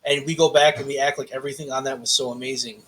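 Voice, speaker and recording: A man co-hosting a podcast in casual chat, swearing freely and telling animated stories with acted-out quotes. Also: medium pitch, quick pace, a little hiss or hum. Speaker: podcast co-host.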